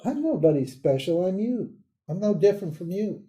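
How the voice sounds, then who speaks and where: An older man giving a live lecture on a spiritual text in a casual, animated way, laughing often and mimicking other people. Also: high voice, normal speed. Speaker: Vedanta teacher.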